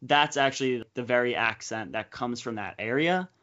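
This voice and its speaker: A young man hosting a casual movie podcast, talking fast with quick asides. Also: medium pitch, pushed and bright. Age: young adult. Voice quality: chatty, quick asides, frequent laughs. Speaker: podcast host. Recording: slightly dull podcast audio.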